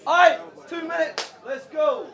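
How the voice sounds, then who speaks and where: A man's voice: very high-pitched, slow, a bit bright, a faint crowd. A man hosting a rap battle, calling out the next round. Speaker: battle host.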